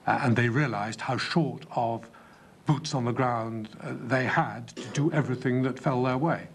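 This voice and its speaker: A man testifies before an inquiry panel in a slow, careful, deliberate way. He pauses often to weigh his words, and his voice sits in a mid range. A faint hiss of noise runs under the recording. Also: medium pitch. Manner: measured, deliberate, with frequent hesitations. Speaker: inquiry witness. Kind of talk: formal testimony.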